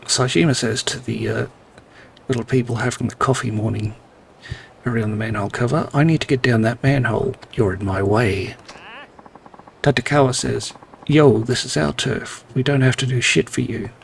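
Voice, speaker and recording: A man's voice: mid-range voice, steady tone, normal speed, creaky, slight background noise. A man playing a video game, reading the characters' lines aloud and adding dry, wry asides. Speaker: gameplay narrator.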